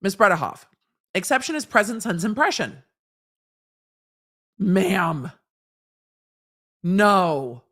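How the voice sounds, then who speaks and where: A woman's voice: medium pitch, animated, takes it slowly, long pauses, fairly bright tone. A woman lawyer hosting a stream, reading court transcripts aloud and breaking them down in a blunt, sarcastic, lecturing way with everyday examples and casual swearing. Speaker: lawyer commentator and show host.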